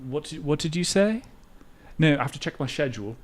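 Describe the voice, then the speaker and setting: A man putting on a posh gentleman with an airy, polite manner. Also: a little high, animated, brisk, voice pushed up. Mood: breezy posh. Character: posh upper-class English gentleman on a phone call.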